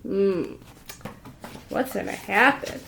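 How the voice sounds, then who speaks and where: A woman's voice: mid-range voice, slow pace, creaky, a bit bright, a little hiss or hum. A woman preschool teacher reading a storybook aloud to young children, asking them questions and spelling out letters.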